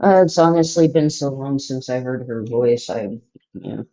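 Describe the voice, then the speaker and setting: A woman calling in to a live show, speaking slowly and hesitantly. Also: extremely low pitch, mellow, dull audio. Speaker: caller.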